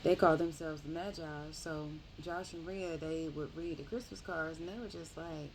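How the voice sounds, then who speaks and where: Low, gravelly woman reviewing a book. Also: moderate pace, hardly any pauses, a little hiss or hum, low-quality recording. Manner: rambling, animated retelling with self-corrections.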